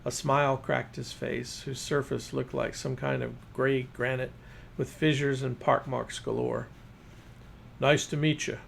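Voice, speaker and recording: Gravelly male storyteller. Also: mid-range voice, level tone, a little slow, slight background noise. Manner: first-person storytelling. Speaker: narrator. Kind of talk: reading fiction aloud.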